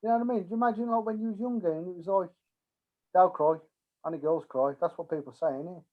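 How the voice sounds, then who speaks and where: A man's voice: high voice, very fast. A man, a scaffolder, chatting candidly as a guest and laughing between phrases. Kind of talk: casual chat. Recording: tinny phone-like sound.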